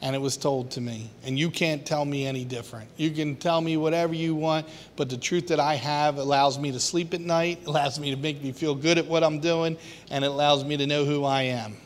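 A man's voice: a little high, fairly even intonation, brisk, slight background noise. A man preaching an informal sermon to a small group, conversational and laughing, acting out quoted voices. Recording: long hall reverb.

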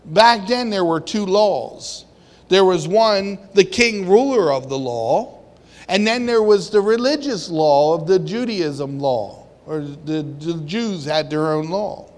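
A man's voice: high voice, expressive, slow. A man preaching a sermon in a conversational way, asking his congregation questions and acting out the people in the story. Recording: long hall reverb.

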